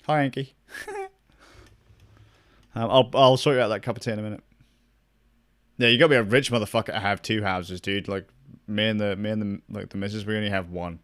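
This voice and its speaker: A man's voice: lowish voice, steady tone, brisk, long pauses, a bit bright. A young man chatting casually with his stream viewers, rambling, swearing a lot and laughing often. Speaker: gaming streamer.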